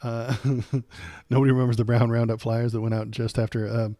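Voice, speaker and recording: A man's voice: mid-range voice, little pitch movement, moderate pace, mellow, dry recording. A man hosting a live political stream, reading headlines and reacting in casual commentary, sarcastic and indignant, with many fillers.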